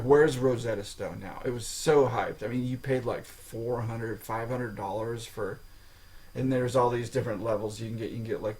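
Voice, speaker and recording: A man's voice: medium pitch, darkish tone, rough recording. A man hosting a solo podcast, talking informally, swearing now and then and checking in with the listener with "okay?". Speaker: podcast host. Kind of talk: casual solo podcast talk.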